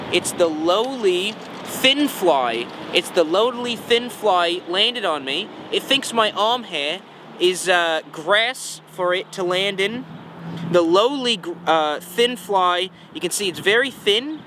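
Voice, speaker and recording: A young man playing a bumbling, deadpan nature show host. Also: sits high, takes it slowly. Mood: mock-serious. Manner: mock-serious, rambling, deadpan. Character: bumbling overconfident male nature documentary host. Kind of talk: comedy sketch, mock documentary. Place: outdoors on a campus. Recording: noisy outdoor recording with traffic.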